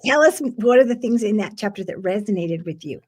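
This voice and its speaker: A woman's voice: medium pitch, lively intonation, a little fast, slightly rough. A woman hosting a podcast interview, reflective and affirming as she responds to her guest. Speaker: podcast host. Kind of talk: interview conversation.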